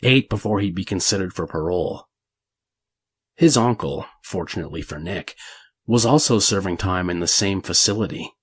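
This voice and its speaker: A man reading a horror story aloud in a measured, gritty way with crude language. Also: low-pitched, husky. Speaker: narrator. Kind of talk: scripted horror story narration.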